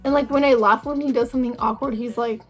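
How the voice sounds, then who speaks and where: A woman's voice: on the high side, steady tone, quick pace, faint music behind. A young woman vlogging a casual storytime, chatty and full of filler words, acting out each conversation. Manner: chatty, valley-girl fillers, acts out dialogue.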